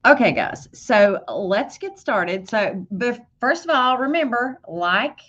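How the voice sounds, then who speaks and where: A woman hosting a casual livestream tutorial on embroidery software, chatting and greeting viewers by name. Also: a little high, lively intonation, takes it slowly, highs cut off.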